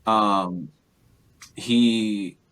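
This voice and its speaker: Deep-voiced young man rambling through a recap. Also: fairly even intonation, drawn-out words, fairly bright tone, clear, resonant tone. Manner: rambling, filler-heavy retelling with lots of "like" and "um". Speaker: podcast co-host. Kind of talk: casual movie recap chat.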